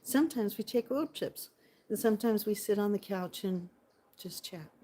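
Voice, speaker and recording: A woman's voice: medium pitch, moderate pace, dark tone. Bubbly woman chatting on a phone. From California. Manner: bubbly, chatty, answers viewers. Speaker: vlogger. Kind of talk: casual live-stream chat. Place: home indoors by a window.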